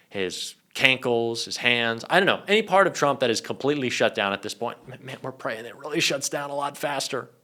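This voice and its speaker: A man's voice: mid-range voice, pushed and bright. A male political commentator giving sarcastic, mocking reaction commentary, with casual profanity.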